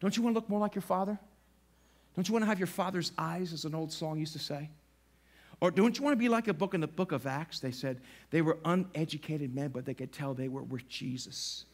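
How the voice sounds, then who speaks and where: A middle-aged man pastor preaching a sermon in a church, animated and acting out little voices as he talks. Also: fairly high pitch, brisk. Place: church sanctuary.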